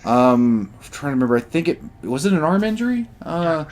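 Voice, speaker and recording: A man's voice: on the high side, very animated, a little fast, darkish tone. A man co-hosting a casual wrestling podcast, talking hesitantly with many restarts and reading out chat. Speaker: podcast co-host.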